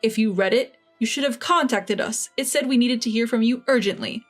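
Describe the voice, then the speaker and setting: A volatile older father-in-law, pleading one moment and blustering the next, as a woman narrator plays him. The voice stays fairly high, as the narrator does little to disguise it, with faint music under the storybook reading. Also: a little fast, lightly acted. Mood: annoyed.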